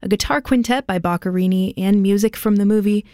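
A woman's voice: medium pitch, fairly quick, dark tone, no room sound. A woman classical radio host in a studio, reading through the day's program in a friendly way. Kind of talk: radio announcing.

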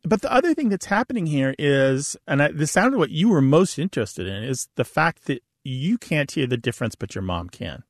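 A man who is a linguist, explaining to a caller in a lively way and laughing easily. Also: fairly high pitch, normal speed, hardly any pauses, dry recording, clean studio sound. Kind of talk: call-in chat, explaining.

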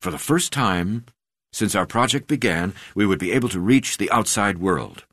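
Brief: male narrator, deep voice, measured read, dry booth sound. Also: animated, a bit bright, dry recording. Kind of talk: audiobook narration.

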